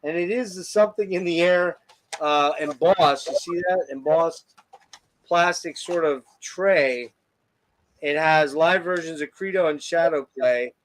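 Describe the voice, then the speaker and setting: A highish male voice speaks at a measured pace over a faint hiss or hum. He's a podcast host reviewing albums in a casual music chat, gushing with enthusiasm and swearing freely.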